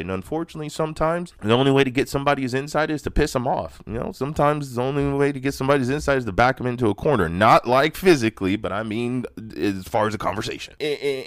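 A man's voice: mid-range voice, clean tone, dry recording, clean studio sound. A man hosting his own podcast, talking through personal thoughts in a rambling, candid solo monologue with the odd curse. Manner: rambling, candid, sprinkled with profanity. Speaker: podcast host.

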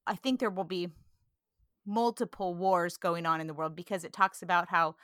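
A woman from California talking earnestly about scripture in a casual discussion, animated and quick to laugh. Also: on the low side, dry recording, studio quality.

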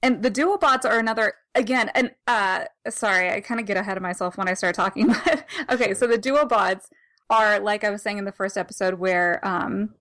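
A woman's voice: medium pitch, brisk, a bit bright. Laughing, rambling woman podcast co-host. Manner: rambling, laughing, self-correcting. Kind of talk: casual comic discussion.

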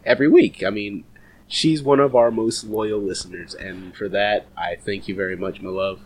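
A man's voice: lowish voice, steady tone, moderate pace, a little mellow, slightly rough. A man co-hosting a casual podcast, laughing often and swearing freely. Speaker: podcast co-host.

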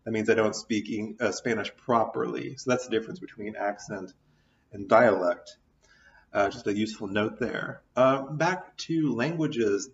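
American guy lecturing, lots of ums, lowish voice, sounds a bit far off in a roomy space. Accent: American English. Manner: thoughtful, with many ums and restarts. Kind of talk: recorded audio lecture. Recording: dull, roomy, mic set back.

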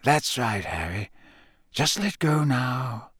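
A very old, thin headmaster from a storybook, speaking slowly and gently, yet with quiet firmness, as a male reader voices him. His voice sits a little higher than the reader's own, in a dry, close recording. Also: big pitch swings, slightly rough, dry recording, exaggerated voice. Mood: gentle. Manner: slow and gently firm.

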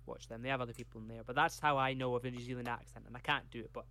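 A man's voice: medium pitch, steady tone, racing, pushed and bright, slight background noise. A Scottish man co-hosting a podcast, reading case notes from a script and breaking off for chatty tangents. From Scotland. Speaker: podcast co-host.

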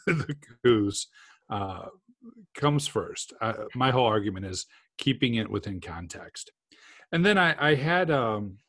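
A man co-hosting a podcast, telling anecdotes in a lively, casual way during a technical discussion. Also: on the low side, slightly rough, no echo, clean studio sound. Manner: animated storyteller, fond of anecdotes. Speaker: podcast co-host.

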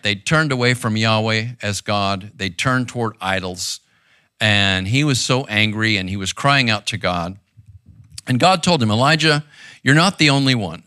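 A pastor seated on a stool in a church room preaches a sermon in a conversational yet intense way, often checking in with "right?" His voice is on the low side with a sharp tone, recorded in clean studio sound with no room echo.

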